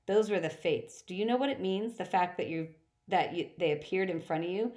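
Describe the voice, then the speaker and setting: A woman's voice: fairly low pitch, a little fast, a little mellow, lightly acted. A woman voicing a nervous young half-goat satyr boy in a storybook reading, stumbling and correcting himself as he talks. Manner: stumbling, self-correcting speech.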